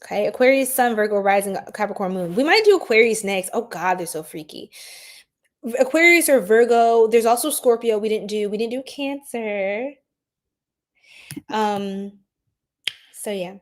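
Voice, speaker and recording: A woman's voice: mid-range voice, expressive, normal speed. A woman hosting a casual astrology livestream, chatting with her viewers in a giggly, flustered way. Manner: giggly, flustered, talks straight to chat.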